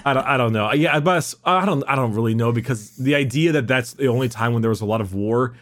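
A man's voice: medium pitch, quick pace. A man in casual chat about game lore, rambling and swearing, reading bits from a wiki. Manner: rambling, profane, reads from a wiki.

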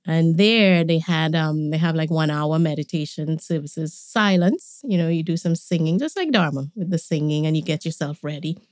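A woman, a podcast guest, tells stories about her family in a relaxed way and laughs often. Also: low-pitched, normal speed, few pauses, dry recording, studio quality. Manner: warm reminiscing, laughs often. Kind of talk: conversational storytelling.

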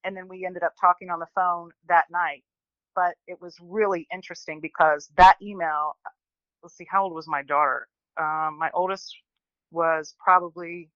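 A woman in her forties, a guest telling a personal story in an animated, chatty way, often restarting and quoting people. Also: on the low side, smooth, no echo, lo-fi sound. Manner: chatty, animated, many restarts and quoted voices.

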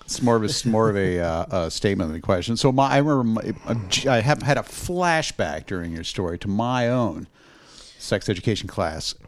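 A man in a casual chat, telling a memory in halting bits with restarts. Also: fairly low pitch, expressive, dry recording.

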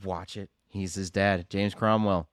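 A man's voice: low voice, fairly even intonation, a little slow, dry recording. A man co-hosting a casual movie podcast, laid-back with a dry, teasing humor. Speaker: podcast co-host.

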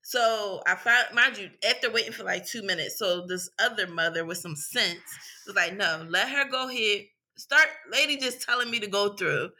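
A woman in casual chat, telling an animated, profane story. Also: mid-range voice, normal speed, hardly any pauses, husky. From Philadelphia.

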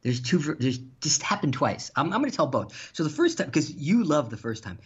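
A man telling stories in casual chat, animated and laughing, with some swearing. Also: on the high side, fairly quick, slightly rough. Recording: dull lo-fi sound.

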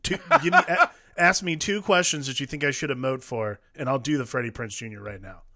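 Lively-voiced man joking about a movie. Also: mid-range voice, a little fast. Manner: lively, joking, plays along with bits. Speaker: podcast co-host. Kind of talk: casual movie-review chat.

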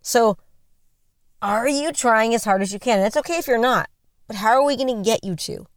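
A woman's voice: fairly high pitch, lively intonation, normal speed, dry recording, clean studio sound. A woman in her forties giving a motivational talk, earnest and conversational, repeating questions for emphasis. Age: 40s. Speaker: motivational speaker.

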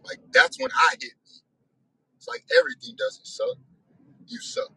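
A man's voice: very high-pitched, huge pitch swings, moderate pace, vocal fry, bright, forceful tone, poor audio. A man hosting a weekly discussion, telling a story in a casual monologue with exasperated, profane and self-reflective talk.

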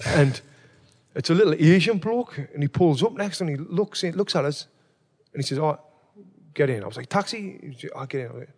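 A man hosting a casual chat, telling stories with lots of swearing and loud acted-out quotes. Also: on the high side, brisk, slightly rough. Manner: animated storyteller, swears freely, acts out quotes loudly. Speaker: podcast host.

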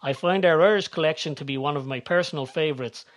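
A man's voice: on the high side, fast, natural voice. A man voicing a haughty upper-class English lord with a posh English accent, speaking in a scoffing, superior manner.

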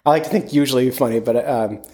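A man's voice: medium pitch, quick pace, mellow. A man hosting a casual podcast, rambling and upbeat with lots of fillers. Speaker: podcast host.

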